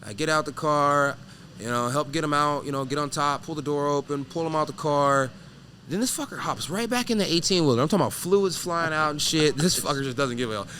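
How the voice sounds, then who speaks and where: A man who is a professional fighter, guesting on an interview show and telling animated, profane stories that act out each scene. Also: fairly high pitch, fairly quick, a little hiss or hum. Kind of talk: casual storytelling interview.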